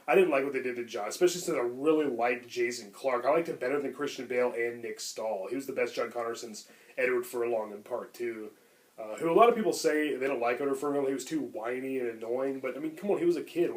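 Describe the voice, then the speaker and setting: Speaking quickly in a mid-range voice, this man co-hosts a podcast and chats casually about films. He's enthusiastic and rambling, leaning heavily on filler words.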